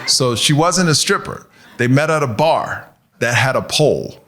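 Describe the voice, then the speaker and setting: Animated stand-up comic man, lively pitch. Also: moderate pace. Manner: animated, laughing storyteller. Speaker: stand-up comedian. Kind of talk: stand-up set. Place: comedy club stage before a live audience. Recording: live set with audible crowd noise.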